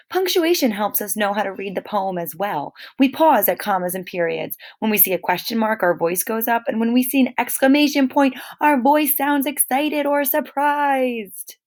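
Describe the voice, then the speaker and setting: A woman teacher giving a recorded lesson to young children, reading poems aloud with lively expression. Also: medium pitch.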